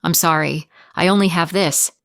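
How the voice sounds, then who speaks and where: A woman voicing a polite, confused young male tourist from Brazil in a slow, clear storybook reading for learners. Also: lowish voice, fairly even intonation, dry recording, clean studio sound. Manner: polite, hesitant, simple clear phrasing.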